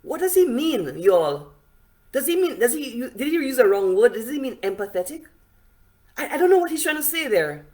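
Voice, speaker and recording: A woman giving forceful, scolding political commentary on a livestream, repeating herself as she builds her point. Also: high-pitched, big pitch swings, moderate pace. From Saint Lucia.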